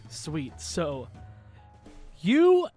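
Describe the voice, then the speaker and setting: A woman narrating a tabletop game as game master, talking in a lively way and laughing often. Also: low-pitched, very slow, slightly rough, soft background music.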